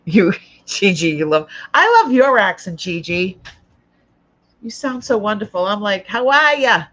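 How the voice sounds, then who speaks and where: A very animated woman with an old Boston accent hosts a casual live-stream jewelry sale, chatting and thinking aloud as she inspects each piece. Her mid-range voice is unhurried and a bit bright, in a low-quality recording.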